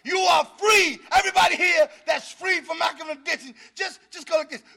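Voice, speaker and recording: High, gravelly middle-aged man preaching recovery. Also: brisk, a faint crowd. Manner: exhorting, shouting to the room, breaking into laughter. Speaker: speaker at a recovery meeting. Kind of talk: fiery preaching-style recovery talk.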